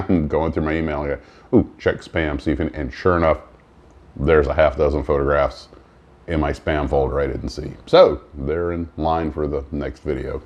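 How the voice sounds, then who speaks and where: Man, very deep voice, easygoing vlog host who rambles with fillers and restarts. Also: darkish tone. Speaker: model-building channel host. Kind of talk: casual morning vlog chat.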